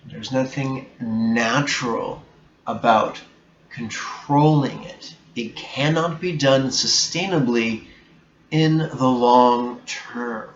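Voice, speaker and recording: A man giving a reflective spiritual talk as a meditation teacher, slow, deliberate and bluntly emphatic. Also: medium pitch. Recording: echoey room, dull sound, faint hiss.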